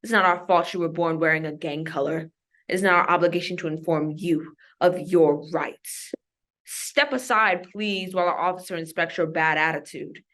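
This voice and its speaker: A woman from Maryland performing spoken-word poetry recitations as an invited guest, with a deliberate, emphatic delivery. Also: lowish voice, fairly bright tone.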